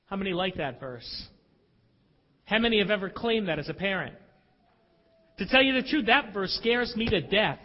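Male pastor, very high voice, emphatic confessional preaching, echoing hall. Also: lively intonation, moderate pace, pauses often, dull audio. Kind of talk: sermon.

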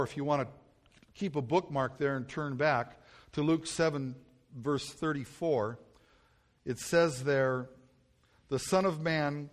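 A middle-aged male pastor preaching a sermon, telling stories about himself and mocking himself as he goes. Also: on the high side. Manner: storytelling, self-mocking, acts out his own yelling.

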